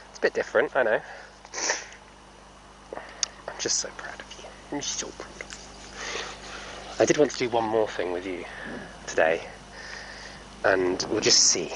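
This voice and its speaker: Soft-spoken man coaxing a horse. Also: lowish voice, a little hiss or hum, rough recording. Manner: soft, coaxing talk to a horse, often hushed. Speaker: horse trainer. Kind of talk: casual explanatory vlog. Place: indoor horse stable area.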